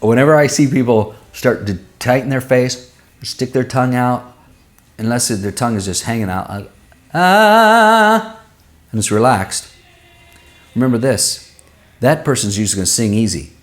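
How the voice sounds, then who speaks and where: A man working as a vocal coach, answering viewers' singing questions and demonstrating vowels and pitches with his own voice. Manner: explanatory, uses everyday comparisons.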